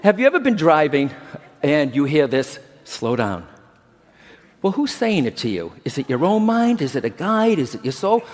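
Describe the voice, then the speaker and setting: A man's voice: fairly high pitch, very animated, fairly quick. A middle-aged man, a medium, gives a chatty conference talk and keeps checking in with the audience. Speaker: medium teaching a workshop. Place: large conference hall. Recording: long reverb of a big hall.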